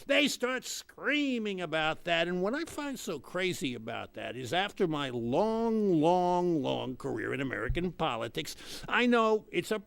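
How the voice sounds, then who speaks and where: A man's voice: a little high, sing-song, a little slow, creaky, a bit bright, no room sound, heavily acted. A man playing a pompous older retired politician who rambles and mocks the voices of others in a comic monologue. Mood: rambling. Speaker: comic character host.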